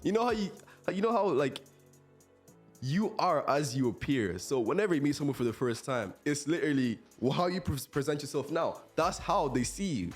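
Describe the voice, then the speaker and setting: An eighteen-year-old man hosting a podcast, telling stories from college in a chatty, animated way and laughing often. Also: a little high, moderate pace, husky, soft background music. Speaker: podcast host, college student. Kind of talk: casual storytelling.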